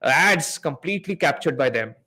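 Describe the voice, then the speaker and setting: A man's voice: on the high side, expressive, moderate pace, bright, forceful tone, slightly rough. Man hosting a live seller-ads Q&A. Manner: explains step by step, repeats points, asks the audience questions. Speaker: host of a live Amazon PPC Q&A session. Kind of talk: live webinar teaching with screen share.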